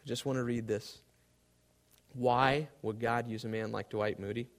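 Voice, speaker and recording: A man preaching a sermon to a live congregation, swinging between loud emphasis and hushed, quiet tones. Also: medium pitch, fairly even intonation, normal speed.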